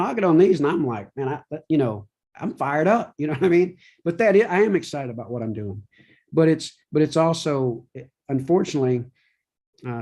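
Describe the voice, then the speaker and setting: A man's voice: mid-range voice, mellow. A middle-aged man speaking openly as a podcast guest, rambling and often asking "you know what I mean". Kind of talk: candid conversational interview.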